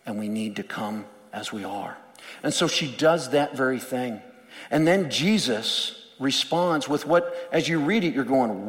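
A man's voice: medium pitch, lively intonation, measured pace, in a large hall. A male pastor preaching a sermon in an earnest, emphatic way, often repeating words.

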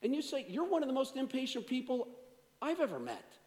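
High-voiced preaching man, reverberant hall. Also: huge pitch swings, fairly quick. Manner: dynamic preaching, swinging from loud to hushed. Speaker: pastor. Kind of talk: sermon.

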